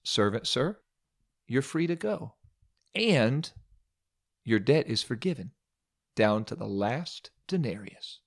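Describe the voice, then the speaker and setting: A man's voice: mid-range voice, very animated, slow pace, long pauses, heavily acted. A man voicing a stern king in a sermon story, speaking in a dramatic, emphatic way. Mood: kindly. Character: stern male king, generous turned furious.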